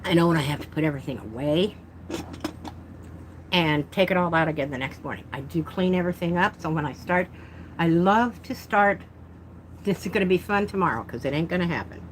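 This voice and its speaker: A woman's voice: lowish voice, brisk, a little hiss or hum, low-quality recording. A woman vlogging as she unboxes art supplies, chatting and rambling with self-deprecating asides. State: talking with mouth full. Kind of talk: casual unboxing chat.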